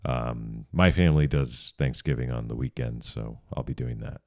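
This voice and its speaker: A man with an extremely deep, low voice talks through his reaction in a loose, easygoing ramble, chuckling as he goes. The sound is dry and close, with no room around it. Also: moderate pace, vocal fry, no echo. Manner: rambling and relaxed, chuckles often. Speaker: reaction video host. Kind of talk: casual reaction commentary.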